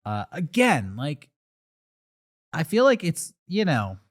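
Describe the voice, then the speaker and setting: Animated, teasing male podcast co-host. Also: on the high side, takes it slowly. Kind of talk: casual chat.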